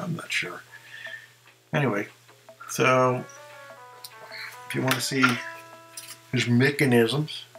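A man's voice: medium pitch, bright, forceful tone, poor audio. A man who collects ventriloquist figures, chatting casually in a rambling show-and-tell and second-guessing himself as he goes.

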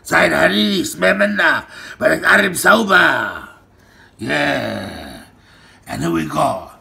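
A gravelly, heavily fried man rants in an aggressive, profane monologue. His voice is bright and tense, and his delivery drags slowly while he barks out names and threats. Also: on the high side, animated. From Australia. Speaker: self-styled gang boss ranting to camera. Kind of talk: angry rambling monologue.

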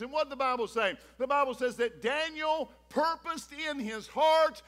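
Casting note: male pastor, very high pitched and bright, animated sermon delivery. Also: moderate pace, hardly any pauses. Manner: animated preaching, acting out Bible characters in quoted voices.

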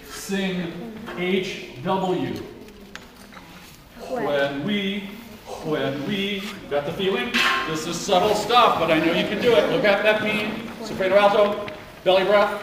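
A man directing a choir rehearsal, coaching the singers with encouragement and singing phrases to show them how. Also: sits high. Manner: encouraging, sings phrases to demonstrate. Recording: echoey room heard from far off with background noise.

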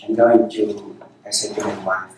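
In a meditation center hall full of echo, a Zen teacher speaks from far away, his fairly low voice barely moving in pitch. His speed is normal and his manner unhurried as he gives a dharma talk in short, repeated phrases. The background is noisy.

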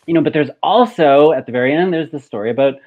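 A man's voice: a little high, quick pace. A man speaking as a show guest in casual discussion, hesitant and full of restarts, over a video call. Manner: hesitant, many ums and restarts. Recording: tinny phone-like video call.

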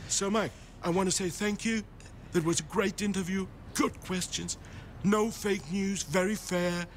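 A man playing a boastful, self-praising president in a sketch comedy impression, with a slow, exaggerated delivery. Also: high-pitched, steady tone, a little hiss or hum.

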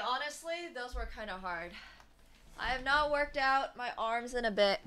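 High, bright-voiced woman chess streamer. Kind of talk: casual streaming chat.

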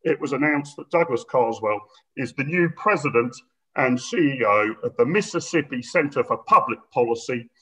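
A man's voice: medium pitch, animated, moderate pace, sharp tone, rough recording. A man from Britain hosting and chairing an interview, upbeat and chatty with frequent fillers. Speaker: host, chair of the discussion.

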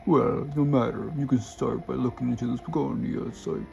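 A man's voice: mid-range voice, fairly even intonation, moderate pace, gravelly, mellow, muffled recording. A young man voicing a pompous old male professor while reading cutscene lines aloud. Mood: grand.

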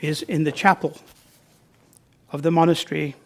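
A man's voice: fairly high pitch, fairly even intonation, normal speed, gravelly. A man giving an informal library talk about his novels, conversational and joking, with fillers as he points to slides.

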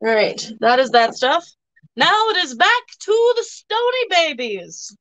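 A woman's voice: sits high, very animated, measured pace, a bit bright, no echo, lo-fi sound. A young woman chatting casually while selling items on a live stream, teasing viewers and rambling, a bit tired. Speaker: live auction seller.

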